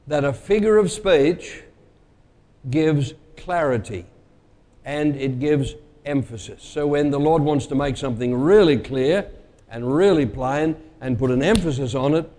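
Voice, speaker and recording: A man's voice: fairly high pitch, a little slow, mellow, long reverb tail. A male preacher giving a conversational sermon and quizzing his congregation with everyday sayings.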